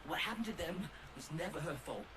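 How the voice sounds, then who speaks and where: A desperate indebted scrap dealer. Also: male voice, a little high, expressive, brisk, fairly bright tone, slight background noise, rough recording. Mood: wistful. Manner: pleading, working-class colloquial. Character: down-on-his-luck indebted male scrap dealer.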